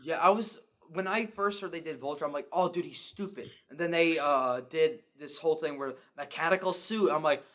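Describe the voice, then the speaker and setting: Excitable young man rambling about a movie. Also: on the high side, brisk, hardly any pauses. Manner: excitable, rambling, acts out scenes. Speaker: podcast co-host. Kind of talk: casual movie review chat.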